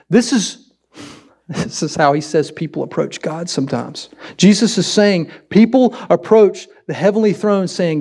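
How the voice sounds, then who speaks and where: A man preaching a sermon as pastor, swinging between loud emphasis and quiet asides. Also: high voice, expressive, normal speed.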